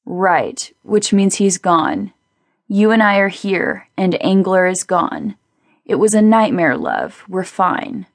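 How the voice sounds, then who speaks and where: A woman narrator voicing a calm, steady woman who soothes her partner in a soft, low voice. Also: takes it slowly, vocal fry, no room sound, studio quality, heavily acted. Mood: soothing.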